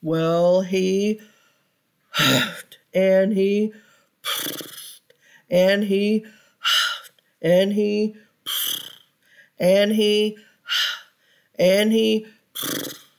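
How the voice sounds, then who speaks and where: A woman reads a children's picture book aloud for storytime. Her pace is slow and deliberate, and she stops now and then to ask her young listeners questions. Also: mid-range voice, steady tone.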